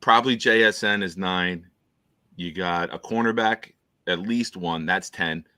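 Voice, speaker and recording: A man's voice: low-pitched, unhurried, bright, forceful tone, dry recording. A man hosting a casual football talk show, laid-back and joking. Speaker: host. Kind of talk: casual chat.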